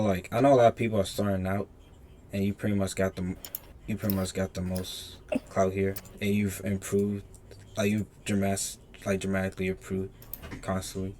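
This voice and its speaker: A man hosting a casual podcast, asking questions in a halting way with many restarts. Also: sits low, a little mellow, slight background noise. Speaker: podcast host.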